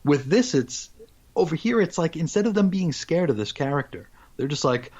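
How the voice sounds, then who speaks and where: A man's voice: fairly high pitch, animated, moderate pace, a little mellow, lo-fi sound. A man co-hosting a podcast, chatting casually and rambling through his points with many restarts. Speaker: podcast co-host. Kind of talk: casual chat.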